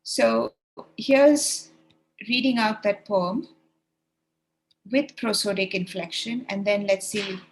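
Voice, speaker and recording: A woman's voice: medium pitch, slow pace, long pauses, slight background noise. A woman leading an online training webinar for teachers over a video call, encouraging and demonstrating read-alouds.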